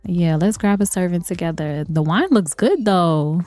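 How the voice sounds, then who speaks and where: A woman's voice: fairly low pitch, moderate pace, a little mellow, no echo. A woman giving chatty let's-play commentary on a life-sim game, laughing often and talking to her viewers. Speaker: gaming video creator. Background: faint game music.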